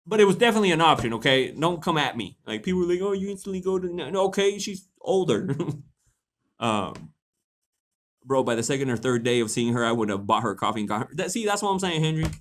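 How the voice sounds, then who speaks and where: A man's voice: medium pitch, sing-song, fast talker, a bit bright. A young man hosting a casual livestream, reading posts aloud, laughing often and swearing casually.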